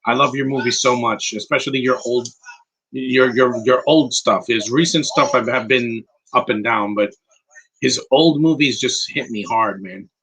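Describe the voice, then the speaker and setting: A man talks through a film he loves, rambling and near tears, tacking "man" onto his sentences. His voice is husky and bright. He chats casually, as if to friends. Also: medium pitch, moderate pace, low-quality recording. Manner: emotional, rambling, frequent "man". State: teary, close to crying. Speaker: movie commentator. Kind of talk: casual live film commentary.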